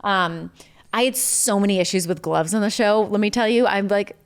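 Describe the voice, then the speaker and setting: A woman's voice: medium pitch, moderate pace, clear, resonant tone. A woman guest in casual chat, telling stories with many "like" fillers. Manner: chatty storytelling full of "like" fillers. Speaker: podcast guest.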